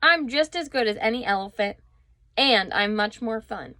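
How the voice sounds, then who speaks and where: A woman voicing a small, boastful, cocky male rat who shouts indignantly in a squeaky, high voice. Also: lively intonation, moderate pace, dry recording, clean studio sound.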